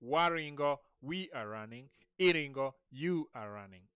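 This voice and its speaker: A man's voice: mid-range voice, expressive, normal speed, fairly bright tone, clean tone, no room sound, clean studio sound. A man teaching vocabulary in a casual lesson, patiently repeating each word many times. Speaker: language teacher. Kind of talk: informal language lesson, repeating words slowly.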